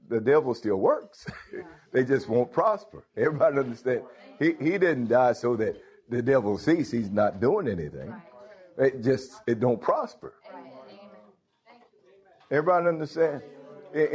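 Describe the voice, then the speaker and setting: Preacher, male, higher-pitched voice; sermon full of rhetorical questions and chuckles, dull lo-fi recording. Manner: rhetorical questions, swings from low murmurs to loud exclamations.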